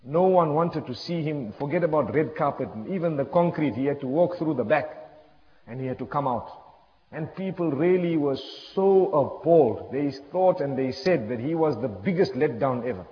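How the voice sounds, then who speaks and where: A man's voice: a little high, animated, normal speed. A man preaching a storytelling sermon, impassioned and repetitive, sprinkling in religious phrases. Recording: echoey hall, dull lo-fi sound.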